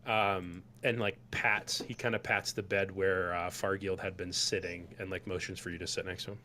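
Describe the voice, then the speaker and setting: A man's voice: deep voice, flat delivery, moderate pace, pushed and bright, slight background noise. A man narrating a tabletop game as game master, rambling loosely with many fillers.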